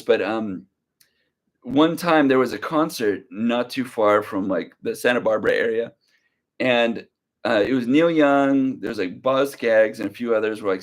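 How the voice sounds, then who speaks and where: A relaxed young man chats his way through a livestream, his mid-range voice easy and unhurried. He drifts from story to story and answers viewer comments in a slow, laid-back way, with a light drawl. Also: medium pitch. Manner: relaxed, rambling, reads viewer comments aloud. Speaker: livestream reseller host. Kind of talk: casual livestream chat.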